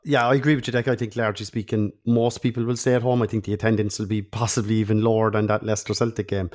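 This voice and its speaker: A man's voice: fairly low pitch, level tone, fast, a little mellow. A man with a Cork Irish accent, a podcast co-host talking in a hesitant, hedging way. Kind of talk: casual chat.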